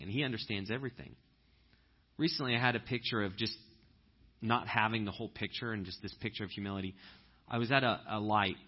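A man preaching a conversational sermon, telling stories and breaking into loud animated impressions. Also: on the low side, slightly rough, dull audio. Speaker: pastor.

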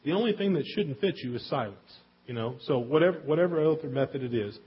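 A middle-aged man preaching a conversational sermon, slipping into quick character voices as he retells stories. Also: on the high side, animated, breathy edge, muffled recording. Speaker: pastor.

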